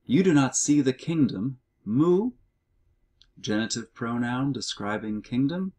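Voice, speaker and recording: A middle-aged man explaining grammar in a recorded language lesson walkthrough, reading words out slowly and methodically. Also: mid-range voice, expressive, dark tone. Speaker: Greek teacher.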